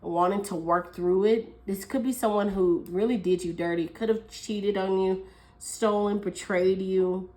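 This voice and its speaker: A woman's voice: mid-range voice, fairly even intonation, measured pace, warm tone, rough recording. Woman doing a laid-back tarot reading, chatty, kinda talks as she thinks, lots of ums. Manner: chatty, thinking aloud, frequent laughs and fillers. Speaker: tarot reader. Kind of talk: casual tarot reading monologue.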